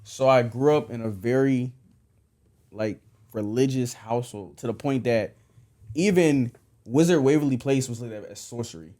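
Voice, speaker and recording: A man's voice: mid-range voice, moderate pace, warm tone. Easygoing male podcast guest from Virginia. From Southside Richmond, Virginia. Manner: easygoing, explains himself at length. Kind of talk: casual podcast conversation.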